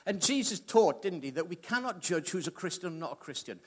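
A middle-aged man preaching a sermon, telling a personal story in an animated, conversational way. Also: on the high side, fairly quick, hardly any pauses, slightly rough.

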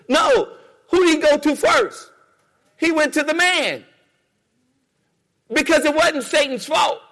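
A man's voice: very high voice, lively intonation, measured pace, long pauses, a bit bright, in a large hall. A man preaching a sermon in a church, rhythmic and repetitive, calling on the congregation to respond. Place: church sanctuary.

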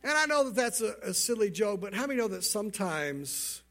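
A male pastor preaching a sermon, telling a long joke in an animated storytelling manner and often repeating words. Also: high-pitched, fairly quick, hardly any pauses.

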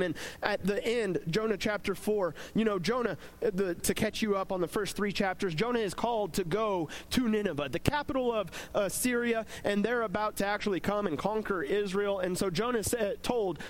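A man preaching in a casual, conversational devotional style and retelling a scripture story in an animated way. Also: sits high.

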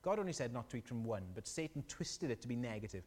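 A man preaching a sermon, animated and storytelling, asking the congregation questions. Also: medium pitch, quick pace, big-room sound.

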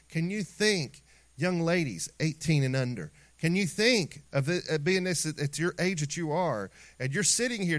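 A middle-aged man preaching a sermon in an animated way, acting out little scenes and dropping into quiet asides. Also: sits high. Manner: animated preaching with acted asides and sung snippets. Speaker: pastor.

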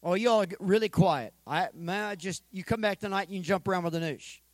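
A male pastor preaching an energetic sermon, calling for responses from the congregation and joking in between. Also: high voice, fast talker, no room sound, poor audio. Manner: joking asides.

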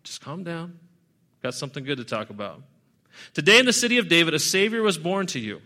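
Bright-voiced man preaching conversationally. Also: on the high side, a little fast. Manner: conversational, animated storytelling with frequent restarts. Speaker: pastor. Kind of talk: sermon.

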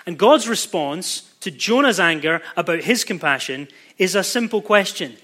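High, bright-voiced male preacher. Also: expressive. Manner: emphatic, with pace slowing and speeding for stress. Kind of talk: sermon.

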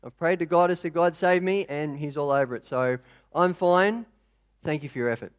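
A man doing a quiet, contented old man. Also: on the high side, moderate pace, close to an everyday voice. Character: elderly man, calmly sure God will save him.

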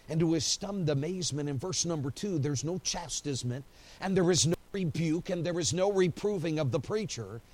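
Male pastor, somewhat high voice, lively storytelling sermon in church. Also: a little fast. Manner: animated storytelling, acting out quotes, frequent "you know" fillers. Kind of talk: preaching a sermon. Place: church during an evening service.

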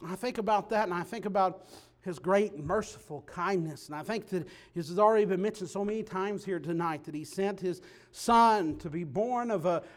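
A man preaching a sermon, dropping low and quiet then rising to loud, emphatic declarations. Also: normal speed.

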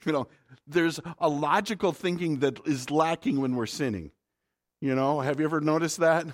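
A man's voice: fairly high pitch, normal speed. Man preaching a conversational sermon. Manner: conversational preaching with rhetorical questions to the congregation. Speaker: pastor.

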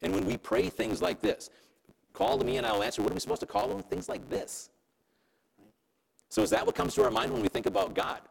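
A man's voice: high-pitched, fairly quick, gravelly, pauses often, low-quality recording. A man preaching a sermon in a conversational way, often checking in with his listeners. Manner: conversational preaching, keeps asking "right?". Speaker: pastor.

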